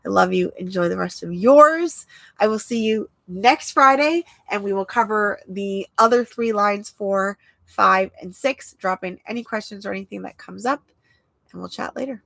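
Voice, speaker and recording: A young adult woman with a nasal voice talks as a coach and host, earnest and passionate, repeating her key phrases for emphasis. Her voice has a gravelly, fry-laced texture. The recording is dry and close, with little room sound. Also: medium pitch, moderate pace, fairly bright tone, no echo, rough recording. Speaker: human design coach and show host. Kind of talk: casual teaching monologue. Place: outdoors.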